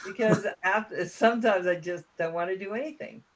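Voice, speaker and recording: A man's voice: high-pitched, fairly quick, fairly bright tone. A man hosting a casual online chat show, talking in a rambling, chatty, self-deprecating way. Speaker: host.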